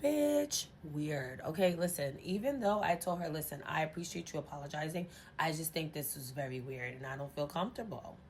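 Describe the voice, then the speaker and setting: A young woman telling a story in a casual storytime vlog, animated and profane, acting out quotes. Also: deep voice, fairly quick, few pauses, a little hiss or hum. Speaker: storytime vlogger. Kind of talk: casual storytime while eating.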